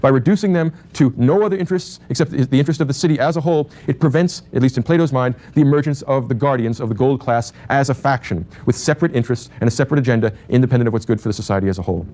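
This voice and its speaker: A man's voice: mid-range voice, rapid-fire, few pauses, mellow. A man giving a university lecture on political theory, thinking aloud with restarts and asides.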